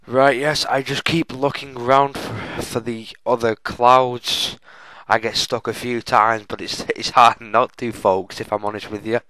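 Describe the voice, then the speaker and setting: A man's voice: mid-range voice, level tone, measured pace, sharp tone, dry recording, rough recording. A young man giving chatty, self-mocking walkthrough commentary on a game, often addressing viewers as folks. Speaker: gaming channel host.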